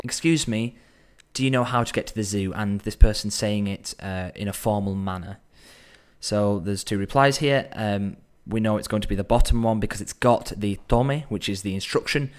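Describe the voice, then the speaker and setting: A man teaching Spanish in a relaxed, explanatory way, slowing down to sound out phrases and thinking aloud as he goes. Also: lowish voice. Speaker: Spanish tutor. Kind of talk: explanatory language lesson.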